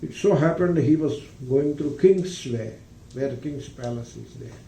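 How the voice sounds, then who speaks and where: Deliberate gravelly male spiritual teacher. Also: on the high side, dark tone, slight background noise. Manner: deliberate, emphatic, with rhetorical questions. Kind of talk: philosophy discourse. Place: retreat ranch hall. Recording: roomy, distant mic, faint ambience.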